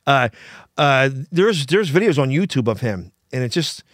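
A man's voice: medium pitch, big pitch swings, fairly bright tone, no echo, clean studio sound. A man telling rambling stories on a casual podcast, full of restarts. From Philadelphia, US. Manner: rambling, halting restarts, laughing easily. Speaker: plumber guest.

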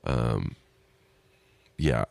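Male podcast host, extremely deep voice, dry close sound, casual rambling read. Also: animated, extremely slow, gravelly, darkish tone, no echo. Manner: loose, rambling, with filler words and restarts. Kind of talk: reading a listener email and chatting.

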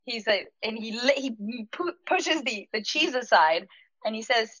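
Speaking unhurriedly in a fairly high voice, a woman who runs a restaurant shares an anecdote, full of laughter and acted-out dialogue from its characters. The sound is lo-fi, without echo.

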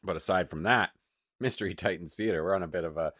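A man co-hosting a podcast in relaxed, casual chat, giving brief replies and plugging other shows. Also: deep voice, fast talker, dry recording, studio quality. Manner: relaxed, brief replies, easy show plugs. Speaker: podcast co-host.

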